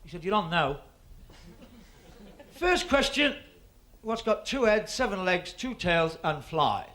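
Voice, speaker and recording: Bright, animated male stand-up storyteller. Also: sits high, slow pace. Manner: rambling storyteller's patter with voiced characters. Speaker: stand-up comedian. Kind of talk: stand-up joke telling to a live audience.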